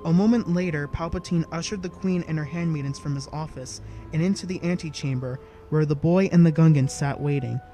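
A man reading a story aloud in an even, measured narration style. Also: on the high side, faint music behind. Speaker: audiobook narrator. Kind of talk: scripted narration.

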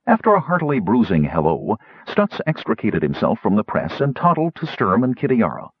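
A man narrating an audiobook with expressive storytelling. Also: fairly low pitch, fairly quick, breathy edge. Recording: slightly muffled recording.

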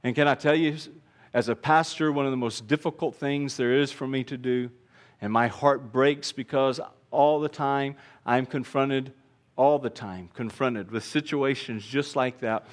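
A man preaching a sermon as pastor, earnest, dropping quiet and then rising to emphatic repeated lines. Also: medium pitch, steady tone, measured pace.

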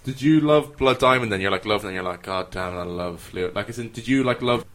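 A man's voice: medium pitch, quick pace, fairly bright tone, slight background noise. A young man co-hosting a student radio show, teasing the others with absurd riffs. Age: young adult. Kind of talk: casual banter.

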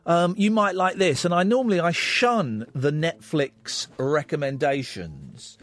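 A man hosts a late-night phone-in show, speaking openly and thinking aloud, his pitch swinging up and down in animated bursts. He sits close to a studio mic, and the sound is dry and fairly high for a man. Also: measured pace, no echo. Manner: open, reflective, animated. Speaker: radio host. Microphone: studio microphone.

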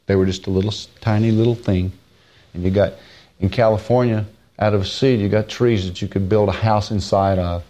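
A male preacher teaches from the Bible in a plain, folksy sermon, drawing key phrases out slowly and leaning on them hard. His intonation is fairly even apart from those raised, high-pitched stresses and the quiet, low asides he drops into between them.

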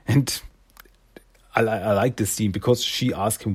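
A man's voice: fairly low pitch, moderate pace, a little mellow, husky. A man casually recapping a comic issue, rambling and loose with many fillers. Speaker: comic reviewer.

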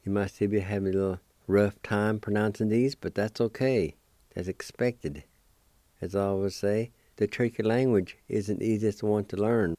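A man with a very low, dark voice teaches vocabulary at an unhurried pace. He spells each word, then repeats it several times with patient encouragement. The sound is dry and close. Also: steady tone, no room sound. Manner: slow, patient, spells words out and repeats them. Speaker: language teacher and radio host. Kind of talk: radio language lesson.

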